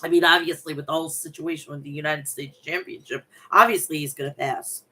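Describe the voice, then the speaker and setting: A woman's voice: sits low, fairly even intonation, a little fast, bright, forceful tone, breathy edge. A woman from Long Island with a thick New York accent and a nasal voice, chatting bluntly and recapping wrestling as a podcast host. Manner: chatty, blunt, swears freely. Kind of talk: casual chat and recap reading.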